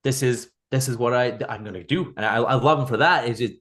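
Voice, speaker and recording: A man's voice: mid-range voice, fairly quick, a bit bright. Earnest man talking casually. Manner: earnest, full of restarts and repeated words. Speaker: podcast guest. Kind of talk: casual conversation.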